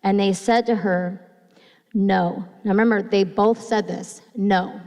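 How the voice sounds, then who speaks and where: A woman pastor preaching in a church, her voice at a middle pitch for a woman. She reads scripture slowly and retells it in her own words, a little nervous, with halting restarts. Long reverb from the church hall trails after each phrase. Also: fairly even intonation, mellow. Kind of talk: sermon with scripture reading. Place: church sanctuary.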